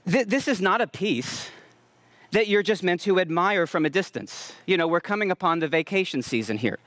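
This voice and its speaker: High-voiced, emphatic male preacher. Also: expressive, no room sound. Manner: earnest, emphatic preaching with slow stressed lines; self-aware about preaching loudly. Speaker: pastor. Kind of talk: sermon.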